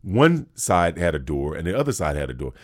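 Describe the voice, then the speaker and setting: A man from with a bass voice, telling a funny story in an animated way. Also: brisk. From North Carolina, USA. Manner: lively, acts out the other people in his story. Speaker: guest.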